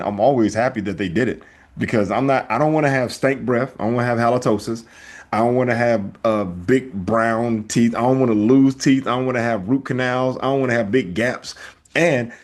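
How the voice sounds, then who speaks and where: A middle-aged man chatting on a podcast. He tells stories with energy and jumps into little acted-out voices. He keeps a relaxed, conversational tone. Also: mid-range voice. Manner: animated storyteller, acts out voices. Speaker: podcast co-host. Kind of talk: casual podcast chat.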